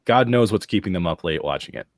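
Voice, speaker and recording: A man's voice: low voice, animated, fast, no room sound, studio quality. A man co-hosting a podcast, telling the story with joking asides. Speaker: podcast co-host. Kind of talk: casual storytelling chat.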